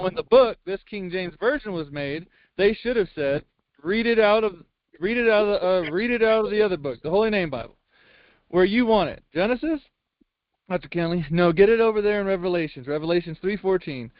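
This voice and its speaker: A man's voice: sits high, smooth, no echo, lo-fi sound. A man reading a sermon transcript aloud to a Bible class, emphatic and folksy, with frequent rhetorical questions. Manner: folksy double negatives.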